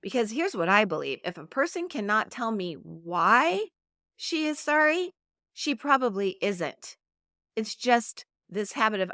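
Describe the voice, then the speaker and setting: A woman's voice: fairly high pitch, sing-song, unhurried, sharp tone, no echo, studio quality. A middle-aged woman hosting a solo podcast, talking in an earnest, conversational coaching tone. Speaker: podcast host.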